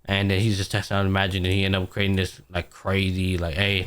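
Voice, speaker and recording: A man's voice: deep voice, completely flat delivery, fast, a bit bright, clear, resonant tone. A young man co-hosting a podcast, casually recapping an anime and acting out the characters' lines with plenty of slang and swearing. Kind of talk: casual chat.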